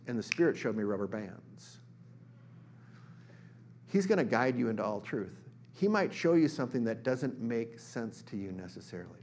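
A man's voice: medium pitch, a little hiss or hum. Conversational, emphatic middle-aged male preacher. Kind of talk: sermon.

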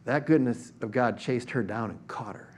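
Preaching at a moderate pace, a man with a mid-range, darkish voice shares a personal story in his sermon, restarting often and using plenty of fillers in a conversational style. There's a slight hiss or hum on the audio.

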